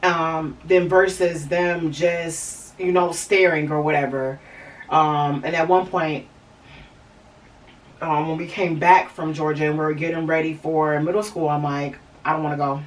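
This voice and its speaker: Low-voiced woman telling a personal story. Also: fairly even intonation, measured pace, distant mic, poor audio. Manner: rambling, many fillers and restarts. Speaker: podcast host.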